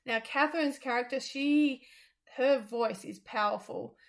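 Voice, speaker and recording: A woman's voice: sits high, unhurried, gravelly. A woman, a theatre reviewer, giving her views in a casual chat, thoughtful and hesitant with frequent ums.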